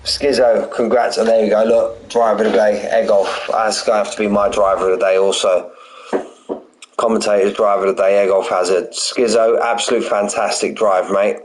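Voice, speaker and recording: Chatty low-voiced man calling a sim race. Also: level tone, normal speed, slight background noise, poor audio. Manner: chatty, repeats "mate" and "buzzing". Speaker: sim racing league commentator. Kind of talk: live race commentary and chat.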